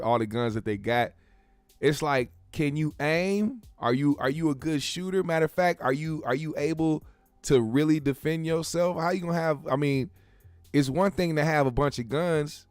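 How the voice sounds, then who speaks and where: A man's voice: fairly high pitch, normal speed, clear, resonant tone, no echo, soft background music. A man hosting a show, giving laid-back, joking commentary full of profanity. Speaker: show host. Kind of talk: casual commentary.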